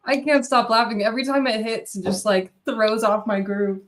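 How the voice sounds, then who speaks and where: A woman's voice: fairly high pitch, fairly even intonation, normal speed. A young woman appearing as a developer guest on a video call, casual and easily distracted, talking with many fillers. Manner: giggly, distracted, lots of "like" fillers. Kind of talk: casual chat.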